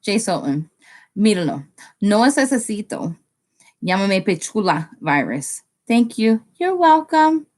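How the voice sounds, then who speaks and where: Chatty woman live-streaming to viewers. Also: measured pace. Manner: chatty, talks straight to viewers in the chat; excitable, often jumps up in pitch. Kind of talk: casual live-stream chat.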